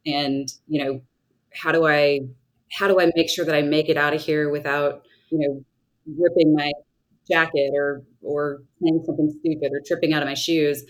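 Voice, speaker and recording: A woman's voice: deep voice, poor audio. A woman in her thirties from the Southern United States, a trial lawyer speaking thoughtfully and earnestly as a podcast guest, often restarting her sentences. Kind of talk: reflective conversational interview answers.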